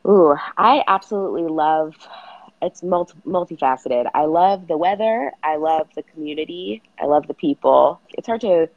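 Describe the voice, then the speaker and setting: A woman's voice: low-pitched, moderate pace, dry recording, phone-quality sound. A woman in her late twenties from Southern California, chatting as an interview guest, bubbly, laughing often, saying "like" a lot. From San Fernando Valley, California. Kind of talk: casual interview chat.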